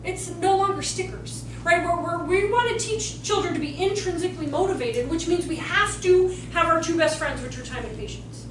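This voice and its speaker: High-voiced sassy woman trainer, echoey room. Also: normal speed, hardly any pauses. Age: 40s. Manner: lively, sassy storytelling, acts out kids' voices. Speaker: behavior trainer. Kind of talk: workshop talk to childcare staff. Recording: echoey room, distant mic, faint noise.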